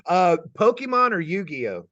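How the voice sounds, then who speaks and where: Excitable guy hosting a quick q&a, lots of laughing and repeating himself, kinda dry muffled sound. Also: high-pitched, no echo. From Kansas City, United States. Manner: upbeat, laughs often, stammers and repeats words. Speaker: host and geometry teacher. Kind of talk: lightning-round interview questions. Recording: dull, slightly muffled sound.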